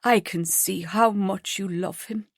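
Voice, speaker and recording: A woman playing a calm, wise old grandmother, unhurried and soothing. Each line comes slow and gentle, close and dry on the mic of a storybook reading. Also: mid-range voice, dry recording. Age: older. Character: warm, wise grandmother, Sylvia.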